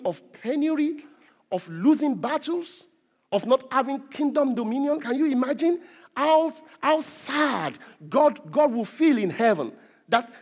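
A pastor preaches a sermon in a high voice that swoops energetically up and down, leaning hard on key words and repeating them for emphasis. A long reverb rings through the large hall.

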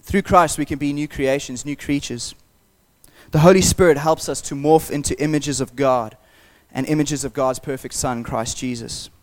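A man's voice: a little high, steady tone, moderate pace. A man preaching a sermon to his church in an earnest, conversational and encouraging way. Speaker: pastor.

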